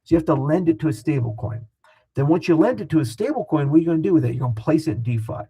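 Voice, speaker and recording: A man speaking as an interview guest, talking fast and animated in a casual, profane way. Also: fairly high pitch, breathy edge, poor audio.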